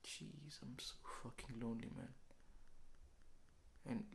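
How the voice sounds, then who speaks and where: A man from Kenya, talking slowly and reflectively in a late-night confessional monologue at home, often dropping into a whisper. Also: medium pitch, steady tone, creaky, a little hiss or hum. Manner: slow, reflective, often sinking to a hushed whisper. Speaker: vlogger. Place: apartment indoors.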